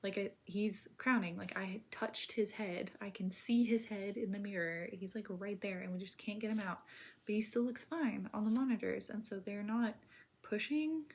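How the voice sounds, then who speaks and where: A woman telling her own birth story in casual, rambling speech full of filler words, now and then dropping to a soft near-whisper. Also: mid-range voice, normal speed.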